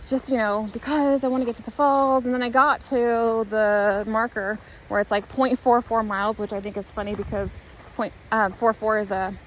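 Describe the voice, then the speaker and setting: A woman's voice: fairly high pitch, steady tone, moderate pace, a little hiss or hum, rough recording. A woman talking to the camera while walking a hiking trail outdoors, thinking aloud in an earnest, rambling, reflective way. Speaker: vlogger.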